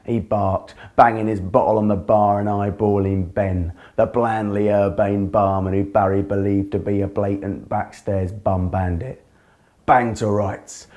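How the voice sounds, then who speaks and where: A man narrating a comic poem as a performance poet, with a punchy, deliberate delivery that leans on alliteration. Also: lowish voice, little pitch movement, a little mellow.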